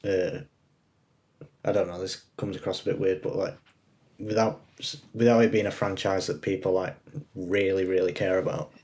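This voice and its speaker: A young man with a low voice, co-hosting a podcast from a remote setup. He chats like a film buff, halting often on "uh" as he works through his points. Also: level tone, a little mellow. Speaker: podcast co-host. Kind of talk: casual chat. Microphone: remote call recording.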